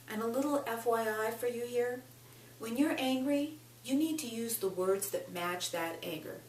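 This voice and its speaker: A woman's voice: a little high, darkish tone, distant mic. A woman teaching a self-help lesson, speaking directly to the listener and leading tapping phrases aloud. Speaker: tapping coach. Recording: echoey room, voice a bit off-mic, faint hum.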